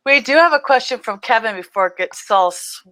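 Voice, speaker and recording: A woman's voice: fairly high pitch, lively intonation, a little fast, bright, forceful tone. A woman co-hosting a casual chat over a video call, playful and giggly, teasing her co-host.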